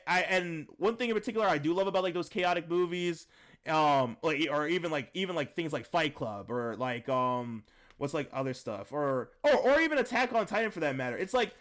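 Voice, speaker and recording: A young man co-hosting a film review chat, rambling and slangy, saying "like" constantly and getting excitable. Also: sits high, fairly quick. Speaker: podcast co-host reviewing a film. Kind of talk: casual chat.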